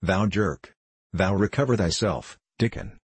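A man's voice: deep voice, unhurried, husky, dry recording, heavily acted. A man voicing a teasing country judge who speaks in old-fashioned terms.

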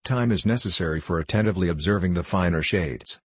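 A man reading the part of a scheming, smooth-talking bishop, calm and quietly persuasive. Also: low voice, fast, no room sound. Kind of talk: audiobook character voice.

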